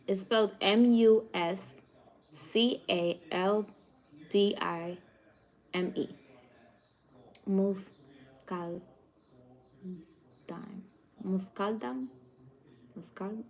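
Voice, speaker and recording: Her voice sits in the mid range, steady and a little dark, as this young New York cooking vlogger talks with her live audience. She's chatty, laughs a lot, and speaks in a slow, drawn-out way.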